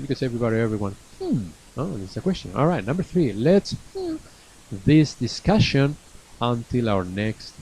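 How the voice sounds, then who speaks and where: A man teaching a live online English lesson from an academy classroom, repeating each phrase slowly and stretching key words. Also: mid-range voice, a little mellow, slight background noise, low-quality recording.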